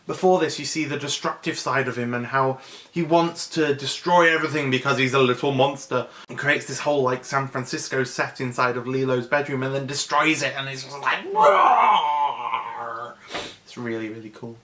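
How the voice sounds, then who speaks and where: A man's voice: medium pitch, fairly even intonation, fairly quick, a bit bright. A man in his thirties, a vlogger, casually and emotionally retelling a favourite film. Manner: enthusiastic, emotional, personal.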